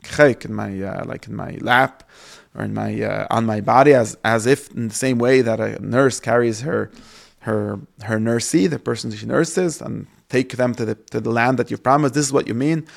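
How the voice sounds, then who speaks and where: A man giving a casual Torah lesson, paraphrasing the verses and acting out the quoted speakers in a lively way. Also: normal speed, vocal fry. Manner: lively, acts out the quoted speakers with rising pitch. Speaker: Torah teacher.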